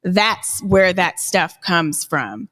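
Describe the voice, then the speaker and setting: A woman co-hosting a podcast in casual discussion, unhurried, often trailing off and searching for words. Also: fairly low pitch, animated, fairly bright tone, long reverb tail. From US Northwest. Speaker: podcast co-host.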